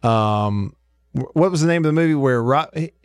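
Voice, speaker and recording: A man's voice: mid-range voice, expressive, moderate pace, clean tone, no room sound, studio quality. A man hosting a sports talk radio show, incredulous and joking, laughing often. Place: radio studio. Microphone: studio microphone.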